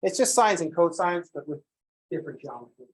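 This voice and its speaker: A man teaching a calculus class who lectures in an animated, playfully ranting way. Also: fairly high pitch, brisk, breathy edge. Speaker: calculus instructor.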